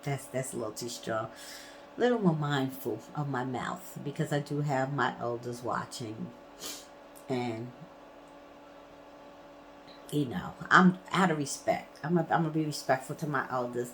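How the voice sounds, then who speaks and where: A woman's voice: very deep voice, normal speed, a little hiss or hum, rough recording. A woman vlogging in a casual storytelling way, blunt and emphatic, swearing freely.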